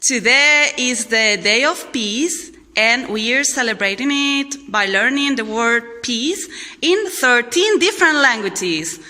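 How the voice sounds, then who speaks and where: Bright high lady teacher in an echoey school room, slow encouraging class drills. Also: animated. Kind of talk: classroom teaching, prompting a group to repeat. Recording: echoey room with faint noise.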